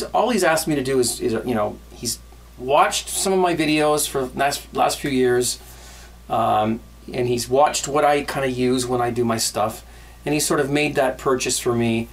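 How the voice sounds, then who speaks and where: Halting, grateful homebrew vlogger man. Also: medium pitch. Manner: halting, many restarts, grateful. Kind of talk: casual vlog.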